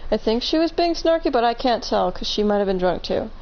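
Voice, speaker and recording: A woman's voice: on the high side, lively intonation, fairly quick, muffled recording. A woman casually telling a long story on a live stream, rambling, correcting herself and laughing between points.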